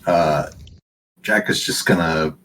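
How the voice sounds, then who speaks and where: A man with a very low voice plays a tabletop role-playing game, describing his character's moves in a hesitant way full of fillers. A faint hum of noise sits behind him. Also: takes it slowly, a bit bright, poor audio. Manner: hesitant, laughing, filler-heavy. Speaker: player.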